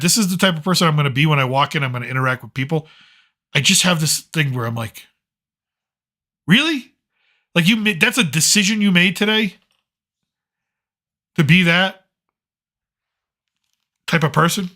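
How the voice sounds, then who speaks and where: Bright-voiced Boston man rambling sardonically. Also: on the high side. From Boston, Massachusetts. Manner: rambling, sardonic, with many restarts and fillers. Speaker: live stream host. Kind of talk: casual monologue.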